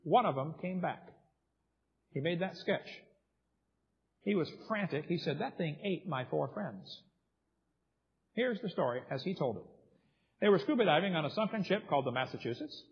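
A man giving a seminar, telling stories vividly and reading eyewitness accounts aloud. His voice sits a little high and sounds husky. The recording is dull, with long reverb from a hall. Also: expressive, brisk, pauses often. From United States. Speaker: seminar speaker. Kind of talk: lecture storytelling.

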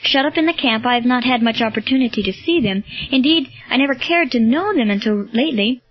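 A woman's voice: a little high, expressive, brisk, no echo. A woman reading the part of an earnest young male Roman soldier, speaking in a pleading, searching way. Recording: dull lo-fi, dry.

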